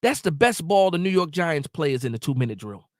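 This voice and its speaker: High-voiced man ranting after a game. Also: lively intonation, fairly quick, no room sound, studio quality. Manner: emotional, ranting, repeats himself; reads and answers live chat. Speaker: sports reaction streamer. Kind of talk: live post-game reaction stream.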